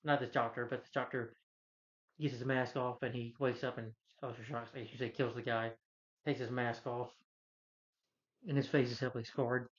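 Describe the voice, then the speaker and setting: A man's voice: medium pitch, little pitch movement, normal speed. A man reviewing a film in a casual, rambling plot recap, stringing events together with lots of "like" and "you know.". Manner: rambling, loose retelling full of "like" and "you know". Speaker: movie reviewer. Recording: muffled lo-fi audio.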